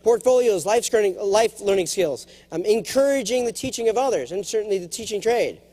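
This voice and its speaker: A middle-aged man giving a humorous motivational keynote speech to a large conference, jokey and animated, slipping now and then into character voices. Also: sits high, brisk. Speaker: keynote speaker.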